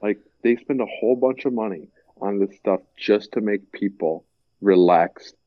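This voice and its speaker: A young man talks in a loose, casual way, stringing his thoughts together with lots of fillers and now and then slipping into animated little impressions. His voice sits a bit low. The recording is dry and somewhat dull, like a lo-fi setup. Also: normal speed, dry recording. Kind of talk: casual chat.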